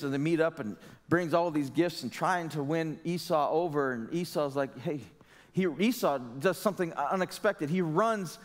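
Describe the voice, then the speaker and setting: A man's voice: on the high side, big-room sound. A man preaching a sermon as pastor, in an earnest, conversational way with emphatic rhetorical questions. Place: church sanctuary.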